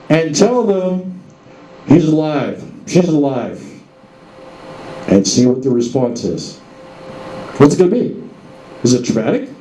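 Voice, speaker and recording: A man's voice: fairly high pitch, dark tone, a little hiss or hum. Roomy-voiced man asking rhetorical questions. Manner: rhetorical questions, addresses folks directly. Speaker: show host. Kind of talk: casual monologue.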